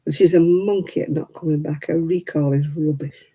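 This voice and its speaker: Old lady in her 70s, gravelly raspy voice, dark and rambly, chatting away on her craft stream. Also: low voice, steady tone, moderate pace, poor audio. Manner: rambling, chatty, chuckling storyteller. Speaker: crafting livestream host. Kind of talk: casual chat.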